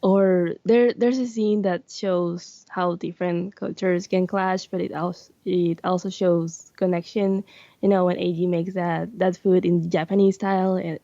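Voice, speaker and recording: A woman, a guest on a podcast, talking in a measured, thoughtful way. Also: on the low side, fairly even intonation, dark tone, dry recording. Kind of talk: casual podcast discussion. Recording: muffled dry lo-fi audio.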